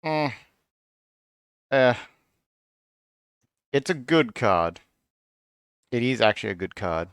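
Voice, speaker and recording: A man's voice: mid-range voice, lively intonation, slow, pauses often, clear, resonant tone, no echo, clean studio sound. A man hosting a casual card review, thinking aloud in a musing, half-sarcastic way, often breaking off and restarting. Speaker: card review channel host.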